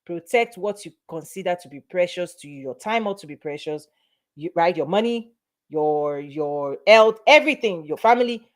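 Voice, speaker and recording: A woman's voice: on the low side, animated, normal speed. Emphatic woman coach, repeats for emphasis. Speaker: business and mindset coach. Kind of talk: motivational talk to camera.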